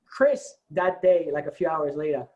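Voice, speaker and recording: Speaking at a moderate pace with a highish voice, an American co-founder relates his company's origin story to his staff. He brings it to life by acting out the dialogue, though the audio sounds dull.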